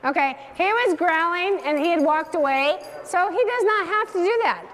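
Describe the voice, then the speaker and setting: A woman's voice: extremely high pitch, animated, moderate pace, fairly bright tone, a faint crowd. A woman dog trainer leading a hands-on class, giving direct instructions and coaxing the dogs in a sing-song. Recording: long hall reverb.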